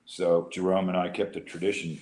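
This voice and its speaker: A man's voice: deep voice, completely flat delivery, brisk, a little mellow, roomy sound, a little hiss or hum. A man, an actor guest in a casual video interview, laughing often and restarting his thoughts. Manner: laughing, self-deprecating, thinks aloud with restarts.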